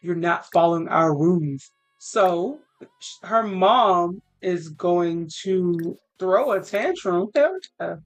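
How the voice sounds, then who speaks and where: Chill woman talking slow over her sims game, rambly, cusses a bit, quiet music behind. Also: lowish voice. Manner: rambling, casual, swears and uses fillers. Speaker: let's play creator. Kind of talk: casual game narration.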